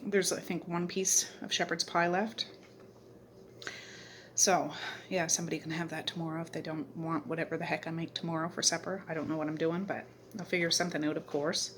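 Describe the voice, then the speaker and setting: A middle-aged woman from Canada chats casually into her phone camera, rambling and circling back with fillers. Her voice sits a little low. A faint hiss of background noise runs under it. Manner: chatty, rambling, warm sign-off with repeated fillers. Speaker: vlogger. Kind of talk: casual chat. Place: outdoors in cold snowy weather, then at home.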